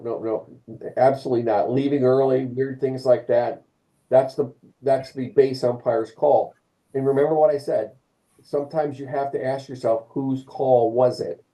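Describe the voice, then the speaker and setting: Dark-voiced man teaching umpire mechanics. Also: mid-range voice, low-quality recording. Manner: animated, acts out calls and quotes; repeats and restarts phrases. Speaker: umpire clinic instructor. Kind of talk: live online training session.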